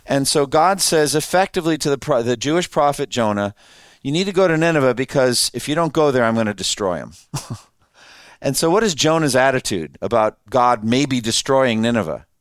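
A man's voice: mid-range voice, lively intonation, brisk, no echo, studio quality. A man preaching a sermon in a conversational way, laughing often and asking his listeners questions. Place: room with an audience.

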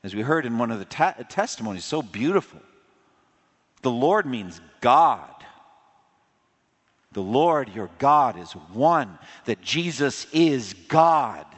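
A man preaches a fervent sermon in a church, his mid-pitched voice rising and falling between loud proclamation and hushed appeal. The sound carries a long reverb from the large hall around him. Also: sing-song, takes it slowly. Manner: impassioned preaching, swelling louder on key points and dropping low for appeals. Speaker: pastor.

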